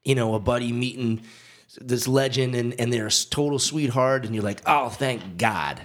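A man hosting a casual interview, relaxed and easygoing. He reacts often with short interjections and asks loose follow-up questions. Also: medium pitch, a little fast. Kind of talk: casual conversation.

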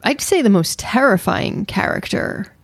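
A woman's voice: medium pitch, expressive, measured pace, dry recording, studio quality. A woman co-hosting a podcast, chatting casually and with playful insistence as she reviews a series. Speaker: podcast co-host.

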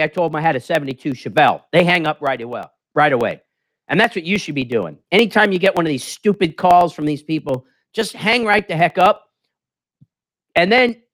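A man's voice: fairly high pitch, a bit bright. A man hosting a business talk show, ranting emphatically and acting out phone calls in a casual way. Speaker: host.

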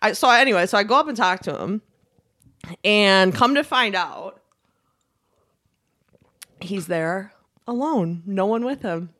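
A woman's voice: medium pitch, unhurried, long pauses. A young woman co-hosting a casual chat, telling a story with lots of swearing and laughter. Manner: animated, swears a lot, laughs often. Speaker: podcast co-host.

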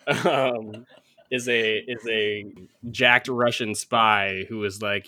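Bright-voiced man in a dry, close recording. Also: fairly low pitch, steady tone, slow, no room sound. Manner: laughs often, playful teasing. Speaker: podcast co-host. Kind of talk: casual movie-discussion chat.

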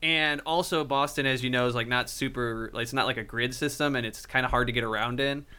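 Bright-voiced man telling a rambling story. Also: mid-range voice, fairly even intonation, a little fast, smooth. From Cleveland suburb, Ohio. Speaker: podcast host. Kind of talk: casual chat.

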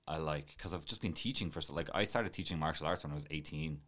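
An Irish martial arts teacher in his late 20s chats casually on a podcast, rambling and self-deprecating. His voice is extremely low in pitch yet fairly bright in tone, and he talks fast.

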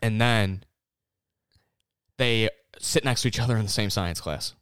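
Young guy on a podcast, lowish smooth voice, keeps cracking up, dry sound. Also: measured pace, fairly bright tone, no room sound. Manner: laughs often, reads lines in a sarcastic put-on voice. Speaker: podcast co-host. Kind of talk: casual podcast chat, mock-reading a story.

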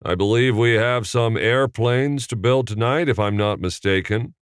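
A man's voice: medium pitch, normal speed, clear, resonant tone, no room sound, studio quality, pitched above the performer's own voice, natural voice. A man voicing a laid-back middle-aged film star who speaks in a lazy drawl.

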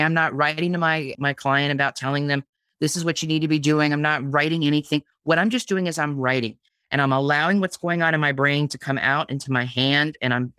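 A woman's voice: sits low, fairly bright tone, dry recording, clean studio sound. A woman guest on a podcast interview, talking casually about her craft, with frequent restarts and repeated words. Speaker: guest, blogging teacher.

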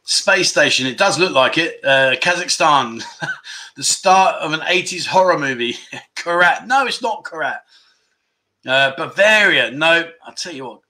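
Chatty bright-voiced man. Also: on the high side, lively intonation, a little slow. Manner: chatty, jokey, reads viewer comments aloud. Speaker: livestream host. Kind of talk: casual livestream chat.

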